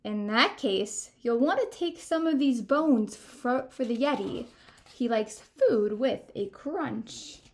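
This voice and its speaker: A woman voicing a grumpy female mountain monster in a storybook read-aloud, speaking slowly and indignantly. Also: on the high side, lively intonation, a little mellow. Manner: indignant, drawn out.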